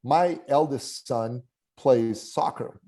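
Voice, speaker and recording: A man's voice: mid-range voice, slow. A man in his forties, a podcast guest, telling a personal story in conversation and acting out the voices of the people in it. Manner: animated storyteller who acts out quoted voices.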